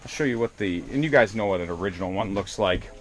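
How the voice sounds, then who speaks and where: A man hosting a casual toy unboxing vlog, excited and rambling, restarting his sentences. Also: fairly low pitch, quick pace, over a noisy crowd. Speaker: toy collector vlogger.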